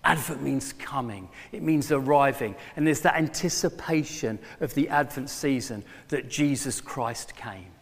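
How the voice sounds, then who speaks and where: A middle-aged man preaching a sermon to his former church, telling a story with lively bursts when he plays a character. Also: mid-range voice, unhurried, few pauses. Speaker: former pastor, guest preacher. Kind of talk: sermon with a joke. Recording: long hall reverb.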